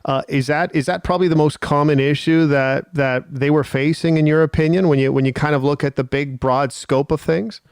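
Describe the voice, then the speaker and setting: A man hosts an interview, asking his questions in a hesitant way with plenty of fillers. His voice is smooth and resonant. It is recorded dry and close, with no room echo. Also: a little high, steady tone, a little fast, few pauses. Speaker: interview host.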